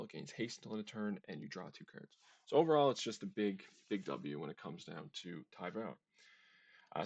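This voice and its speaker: A man's voice: on the low side, gravelly, no room sound. A man hosting a casual card-game deck walkthrough, chatty and often tripping over card names. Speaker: deck tech host.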